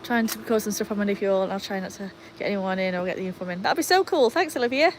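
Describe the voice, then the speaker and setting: A woman's voice: mid-range voice, racing, heavy background noise. A woman hosting a casual livestream in her garden, chatting to viewers while fussing over her dogs. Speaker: livestream host. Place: outdoor garden.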